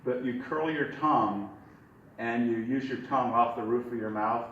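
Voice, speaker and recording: A man's voice: medium pitch, normal speed, recorded from a distance, highs cut off, slight background noise. A man teaching a ventriloquism workshop in a chatty, folksy, demonstrative way. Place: workshop room. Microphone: distant from the mic. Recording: echoey room from afar, faint background.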